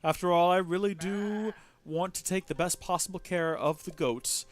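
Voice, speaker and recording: A man's voice: high-pitched, fairly even intonation, moderate pace, voice pushed up, close to an everyday voice. A man reading game dialogue aloud as an earnest, apologetic male goat keeper who frets over his animals. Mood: earnest, remorseful. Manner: emotional, fretful and heartfelt.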